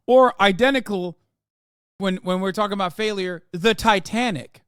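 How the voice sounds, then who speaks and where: A man in his thirties streaming live, reacting to posts with profane, mocking commentary that swings from loud outrage to mumbled asides. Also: sits high, measured pace, smooth, no room sound, studio quality.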